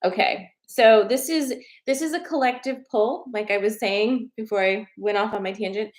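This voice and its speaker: A young woman chats on a live stream, open and emotional, with tears close to the surface. She swears freely and laughs between thoughts. Her voice sits at an ordinary middle pitch for a woman. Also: normal speed. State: tearful. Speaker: tarot reader and coach hosting a live stream. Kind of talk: casual live-stream chat with viewers.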